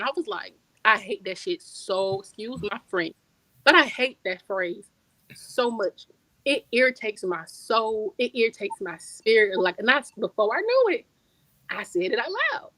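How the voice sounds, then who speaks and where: A woman guest author chatting casually on a podcast, telling stories in relaxed slang and repeating words for emphasis. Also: on the high side, normal speed, no room sound, rough recording. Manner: storytelling, conversational slang.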